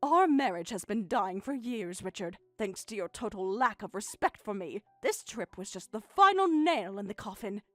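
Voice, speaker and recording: A woman's voice: mid-range voice, big pitch swings, moderate pace, few pauses, no room sound, soft background music, pitched below the performer's own voice, close to an everyday voice. A woman voicing a bitter, hurt middle-aged mother in a dramatized text-story reading, speaking in a cold, sarcastic, clipped way.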